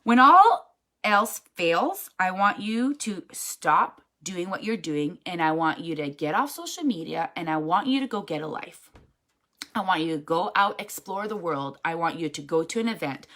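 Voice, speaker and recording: A woman's voice: medium pitch, fairly bright tone. Frank, chatty woman coaching her sales team, emphatic and casual, mid-range voice. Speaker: network marketing team leader. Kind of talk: casual motivational talk.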